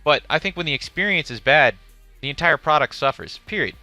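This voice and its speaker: A man's voice: on the high side, animated, fairly quick, bright, forceful tone, no room sound, faint music behind. A man streaming live, giving casual, profane commentary on a game showcase and reading chat questions aloud.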